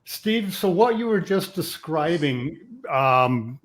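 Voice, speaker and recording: High-voiced male podcast host. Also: expressive, slow. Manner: attentive listener, reacts with laughs. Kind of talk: interview.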